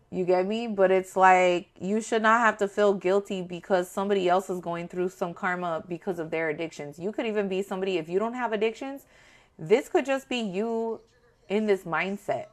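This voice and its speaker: A woman giving a casual tarot reading to her viewers, talking in a blunt, profane and animated way. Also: medium pitch, normal speed. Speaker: tarot reader.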